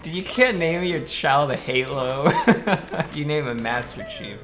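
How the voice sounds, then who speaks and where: A man's voice: on the high side, wildly swooping pitch, slow. A young man live-streaming a speedrun, chatting with his viewers in a blunt, profane, joking way. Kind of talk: casual live-stream chat while gaming. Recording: game music playing clearly underneath.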